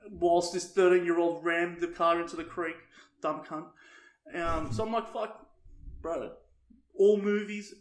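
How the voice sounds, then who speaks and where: In a casual podcast chat, a young Australian co-host recounts a vulgar story, laughing and cursing throughout. His high-pitched voice bounces off the walls of an echoey room.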